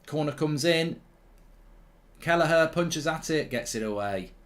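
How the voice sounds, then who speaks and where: A man hosts a live football watchalong in a fairly high voice. His talk is loose and chatty, and he circles back to the same point again and again. Between plays he reads viewer comments aloud. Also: animated, measured pace, a bit bright. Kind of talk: casual live match commentary and chat.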